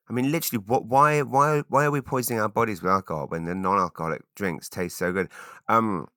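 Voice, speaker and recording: A middle-aged man hosts a solo podcast, wandering from topic to topic with frequent fillers and false starts. His voice sits low but has a bright, forceful edge. The recording is close and dry. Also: clear, resonant tone, no room sound. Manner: rambling, many fillers and restarts. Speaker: podcast host. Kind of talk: casual solo chat.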